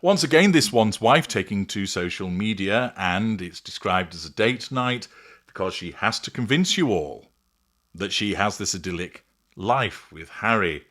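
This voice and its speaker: Sardonic man with a low voice. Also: expressive, a little slow, fairly bright tone. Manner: sardonic, contemptuous, mocking. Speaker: commentator host. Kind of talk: monologue commentary.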